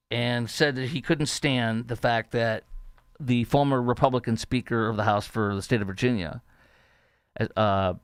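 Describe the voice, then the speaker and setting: A man's voice: medium pitch, clear, resonant tone, no echo. Sarcastic, mocking male talk host. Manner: sarcastic, mocking, halting with many fillers. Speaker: political talk show host. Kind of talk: opinionated commentary.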